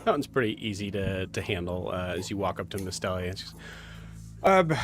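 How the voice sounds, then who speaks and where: Man, game master, low voice, rambling, filler-heavy, tabletop narration. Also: fairly even intonation, fast talker, faint music behind.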